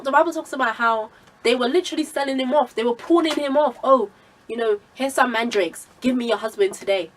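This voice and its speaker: A woman's voice: high voice, far from the mic, rough recording. A woman giving an informal Bible teaching, telling the story conversationally with many asides. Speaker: Christian vlogger sharing a Bible message.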